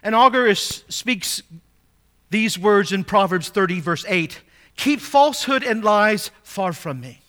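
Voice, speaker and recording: Male preacher, high bright voice; reads scripture, asks questions, builds to emphatic peaks. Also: expressive, a little slow. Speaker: pastor. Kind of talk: sermon.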